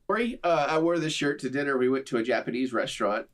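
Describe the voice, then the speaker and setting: A man's voice: mid-range voice, lively intonation, fast talker. Earnest, gushing man reacting as a fan. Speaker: video creator reacting to a film trailer. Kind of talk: enthusiastic fan reaction commentary.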